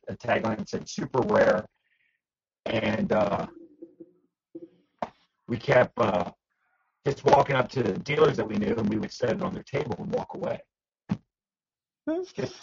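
A man on a podcast panel, telling casual stories with lively acted-out quotes. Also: on the low side, creaky, muffled recording, slight background noise. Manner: animated storyteller, acts out quotes. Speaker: podcast panelist, toy dealer. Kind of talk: casual storytelling chat.

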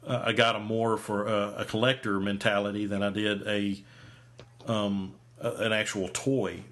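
A man's voice: fairly low pitch, level tone, measured pace, fairly bright tone. A man in his forties, a podcast host, telling a story in casual chat, rambling with many fillers and restarts. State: hiccups.

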